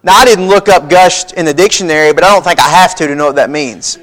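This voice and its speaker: A man's voice: on the high side, quick pace, fairly bright tone. A man preaching a sermon, reading scripture aloud in a folksy, emphatic way. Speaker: pastor. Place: church sanctuary.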